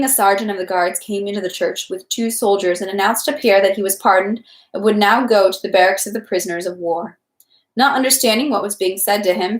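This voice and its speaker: A woman reading a novel aloud at home, in a measured, unhurried way. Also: medium pitch. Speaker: audiobook reader. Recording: echoey room.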